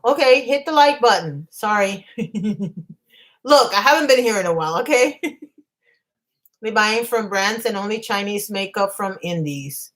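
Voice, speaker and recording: A woman's voice: on the high side, fairly bright tone. A woman hosting a casual livestream, talking in a chatty, emphatic way and reacting to her live chat. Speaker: livestream host.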